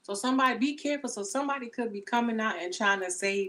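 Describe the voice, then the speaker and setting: A woman's voice: a little high, fast, a bit bright. A woman giving a casual tarot reading to camera, talking in blunt, slangy, profane chatter into the camera mic. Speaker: tarot reader.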